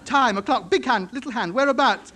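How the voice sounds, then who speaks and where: A man's voice: very high voice, brisk. An actor playing a lonely, self-important middle-aged radio ham. He mutters to himself and chats pompously in a 1950s radio comedy. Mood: chatty. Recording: hissy old broadcast recording.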